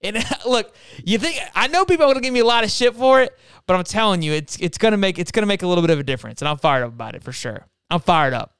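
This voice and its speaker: Excitable sports host, high and clear, emphatic rants. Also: male voice, quick pace, dry recording, studio quality. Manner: fired-up, emphatic, keeps tacking on "okay?". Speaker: podcast host. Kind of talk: casual sports talk.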